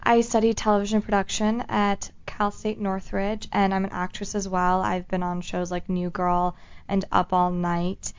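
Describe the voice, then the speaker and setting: A young woman with a smooth, clear voice at a middle pitch, chatting as a guest on a radio show. She answers briefly and agreeably. The broadcast sound is slightly dull. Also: flat delivery, moderate pace. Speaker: studio guest, actress. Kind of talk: casual radio chat. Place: radio studio.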